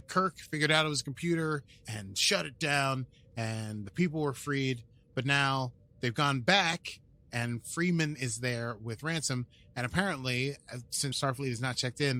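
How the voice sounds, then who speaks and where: A man's voice: medium pitch, sharp tone. A man co-hosting a podcast with an American accent, chatting and recapping an episode in a jokey, playful way, laughing often. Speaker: podcast co-host. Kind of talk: casual chat and episode recap.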